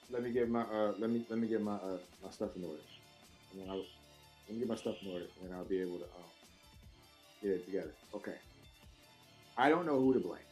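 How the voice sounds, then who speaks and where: A man co-hosts a casual wrestling podcast, ranting in an animated, profane way. He shifts from loud, high outbursts to low mutters.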